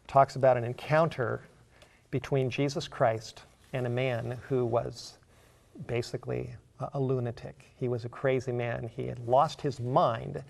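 A man's voice: medium pitch, vocal fry, darkish tone. A middle-aged man preaching a sermon, reading scripture aloud and explaining it in a conversational way, with fillers and repeated words.

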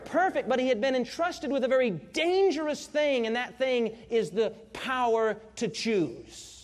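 Middle-aged male preacher, very high voice, storytelling sermon, asks the congregation questions. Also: expressive, measured pace.

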